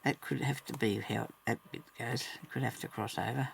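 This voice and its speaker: A woman's voice: extremely low pitch, fairly even intonation, fairly quick, vocal fry, slight background noise. A woman talking along casually as she works on embroidery, muttering to herself and chatting to her viewers. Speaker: crafter narrating her embroidery work. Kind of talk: casual talk-along crafting vlog.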